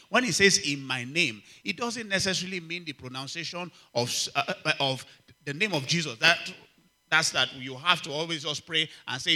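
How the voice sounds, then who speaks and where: A man preaching a sermon, emphatic and repetitive, calling out to the congregation and swinging from loud exclamations to quiet asides. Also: fairly high pitch, normal speed. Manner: emphatic, repeats key phrases, asks the congregation for response. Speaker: pastor.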